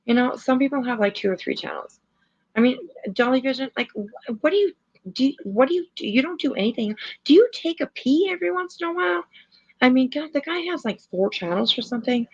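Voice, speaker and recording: This livestream host is a woman with a high, husky, animated voice who talks fairly quickly. She rambles casually, full of fillers and the odd swear word, commenting and reacting over lo-fi stream audio.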